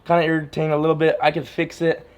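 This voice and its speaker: A man's voice: a little high, completely flat delivery, very fast, dull audio. A man training his dog and talking plainly and straight to his viewers in a casual outdoor vlog, often repeating himself. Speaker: dog trainer, channel host.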